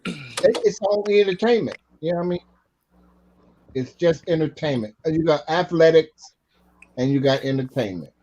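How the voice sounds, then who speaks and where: A man's voice: a little high, animated, moderate pace, long pauses, warm tone. A man in a casual live chat who talks in a laid-back, rambling, colloquial way. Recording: dull, muffled audio with faint noise.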